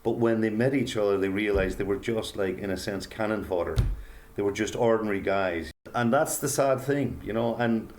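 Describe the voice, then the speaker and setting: An older man, a guest author, telling a personal story in an earnest, halting way with many pauses and fillers. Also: on the low side, a little mellow. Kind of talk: reflective storytelling interview.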